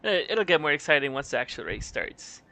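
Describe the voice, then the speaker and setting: A man with a fairly high voice calls a virtual race in a loose, chatty way, laughing often and joking as he goes. He is a bit above the usual pitch for a man. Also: big pitch swings, a little fast, bright, forceful tone. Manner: laughs often, playful, puts on accents as jokes. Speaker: race commentator. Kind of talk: casual live race commentary.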